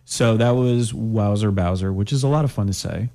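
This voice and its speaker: A man hosting a college radio show, chatting casually and joking in a deadpan way with a guest in the studio. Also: on the low side, moderate pace.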